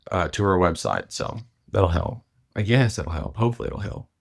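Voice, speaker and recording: A male author from Arkansas, chatting in a relaxed, halting way and then reading his own essay aloud. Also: sits low, gravelly, breathy edge. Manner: relaxed, halting, with many ums and uhs. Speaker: author, guest.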